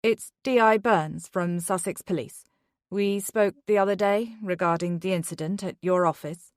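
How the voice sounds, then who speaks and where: Woman doing a brisk, officious detective. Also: on the low side, dry recording, clean studio sound, close to an everyday voice. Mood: formal. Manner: formal, clipped.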